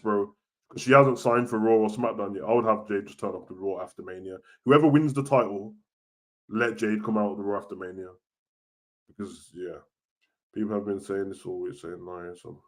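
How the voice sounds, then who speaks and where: A young man, chatting casually about wrestling on a live stream, slangy and animated, getting loud and then dropping soft. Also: fairly low pitch. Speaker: wrestling show host. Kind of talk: live-stream chat reading comments.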